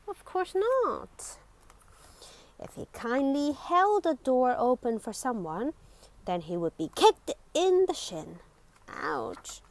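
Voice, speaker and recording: Slow, lively woman reading to children. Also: sits high, low-quality recording. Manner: expressive, with dramatic whispers and exclamations. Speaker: storybook reader. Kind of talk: reading a children's picture book aloud.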